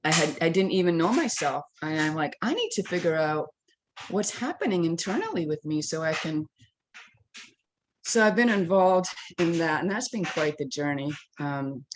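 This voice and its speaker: A woman in her late sixties, an interfaith minister, sharing her personal journey in a halting, emotional way with many restarts and a tearful edge. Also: low voice, animated, slight background noise, low-quality recording. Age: 60s. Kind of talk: personal sharing in a faith circle.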